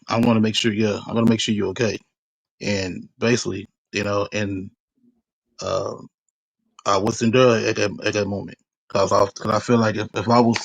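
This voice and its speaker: A man telling his story in a street interview, halting and repeating himself often. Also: fairly low pitch, gravelly, no echo. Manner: halting, repetitive, many restarts.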